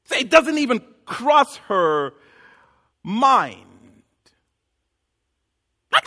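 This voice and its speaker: A man preaching a sermon as pastor, animated and joking, with sudden loud outbursts. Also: very high-pitched, very slow, pauses often.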